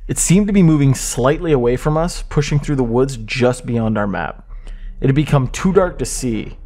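A man narrating a horror story in a measured, suspenseful way. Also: mid-range voice, expressive, a little mellow. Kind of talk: scripted creepypasta narration.

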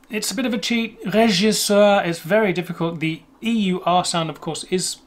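A man hosting a casual language lesson, explaining at a relaxed pace and thinking aloud as he goes. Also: on the high side. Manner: chatty, thinks aloud, restarts phrases. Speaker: language video host.

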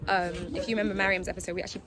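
A young woman, chatting excitedly on a phone camera at home as a vlogger, gushing and slangy. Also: medium pitch, very fast, over a noisy crowd. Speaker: vlogger and interviewer. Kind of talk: casual vlog chat. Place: at home, indoors. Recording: echoey room with background noise.

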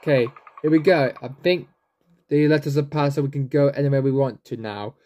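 A man's voice: medium pitch, steady tone, brisk, warm tone. A man hosting a gaming channel, rambling casually through gameplay and chatting to viewers. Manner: rambling, reads game text aloud and chats to viewers.

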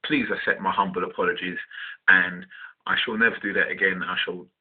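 A man's voice: low voice, steady tone, fairly quick, noisy background. A man from West London with a London accent, casually telling a personal story in blunt, profane language with many restarts. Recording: tinny phone-like sound.

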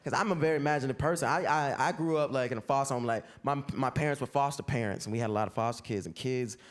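A young American man with a mid-range voice does a fast stand-up set on a comedy club stage, animatedly acting out stories with big voices and screaming kids. The live recording carries audience laughter and noise.

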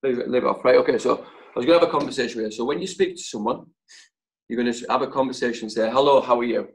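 A man leading a sales training session over a video call, speaking in short, punchy phrases with deliberate pauses. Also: mid-range voice, rough recording. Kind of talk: motivational training talk.

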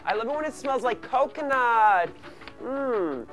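A man's voice: very high-pitched, expressive, measured pace, fairly bright tone, faint music behind, heavily acted. A man playing a brash, gossipy middle-aged mother who chatters on and snaps at others. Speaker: comic actor. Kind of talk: comedy sketch acting.

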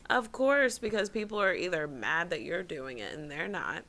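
Woman on a podcast, kinda low and crackly, bright sharp tone, says it straight. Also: animated, normal speed. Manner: blunt, swears casually. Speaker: podcast co-host. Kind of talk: casual podcast chat.

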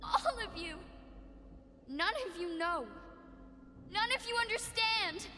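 Ghost girl for a horror game, very high and cold with bitter resentment. Her voice hangs in a long echoing reverb, half buried under loud game music. She spits every word with hate. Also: slow. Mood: hateful.

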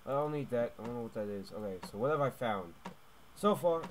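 A young man playing a stealth game and commenting as he goes, jumping between hushed muttering and loud yelps and tacking "mate" onto his lines. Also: medium pitch, fast talker, a little hiss or hum. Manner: excitable, swings from hushed muttering to yelling, keeps adding "mate". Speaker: gaming YouTuber. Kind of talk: let's play commentary.

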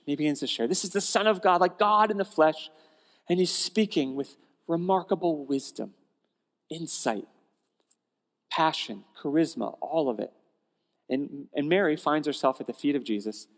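A man's voice: fairly high pitch, moderate pace. Conversational male pastor in reverberant church. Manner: conversational, animated storytelling with restarts. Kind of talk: sermon. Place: church sanctuary. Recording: long church hall reverb.

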